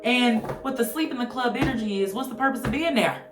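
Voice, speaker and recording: A woman's voice: on the high side, fairly quick. A woman giving a casual tarot reading, blunt, slangy and profane, joking as she goes. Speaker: tarot reader. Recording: roomy echo with faint music.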